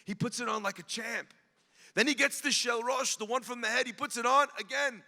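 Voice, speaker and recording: A man, giving an emotional sermon as a rabbi and telling a story to the crowd, swelling and dropping to a hush. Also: extremely high pitch, fairly quick. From United States (New Jersey). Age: 40s. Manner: earnest, addresses the crowd directly, swells and drops to a hush. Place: large event hall. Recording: long hall reverb.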